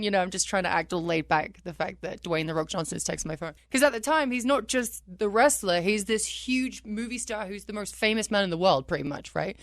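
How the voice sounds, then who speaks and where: Woman, 30s, radio guest; chatty, animated storyteller, laughs a lot, dry close sound. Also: medium pitch, brisk, no room sound. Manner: animated, laughs often, acts out quotes. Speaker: wrestler guest. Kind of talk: casual radio interview storytelling.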